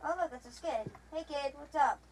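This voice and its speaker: A woman's voice: sits high, normal speed, a little hiss or hum, poor audio. A young woman chatting casually with a friend while gaming, rambling with many restarts and playful teasing. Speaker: gamer.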